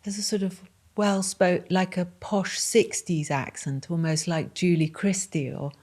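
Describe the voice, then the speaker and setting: A woman hosts the interview, piling on effusive compliments as she rambles. Her voice sits slightly low. She speaks slowly and unhurriedly. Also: fairly even intonation, a little mellow. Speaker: host. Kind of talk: interview questions.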